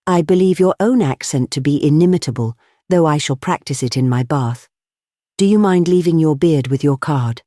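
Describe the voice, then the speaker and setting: A big, breezy anarchist president with a brisk, amused, slightly raised voice, as a man puts him on. He sounds lordly and sure of his power, and the dry, close recording keeps every word up front. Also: a little high, dark tone, no room sound, natural voice. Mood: mocking. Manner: brisk, grandly amused, then menacing. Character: huge genial commanding male anarchist chief. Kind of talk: audiobook character voicing.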